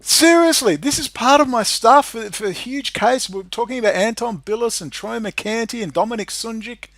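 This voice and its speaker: An Australian man rants straight at the camera in a high, keyed-up voice. He swears constantly and lurches between sullen muttering and loud outbursts. The sound is close and dry, with no room around it. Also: moderate pace, dry recording. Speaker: independent video maker. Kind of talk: angry ranting monologue.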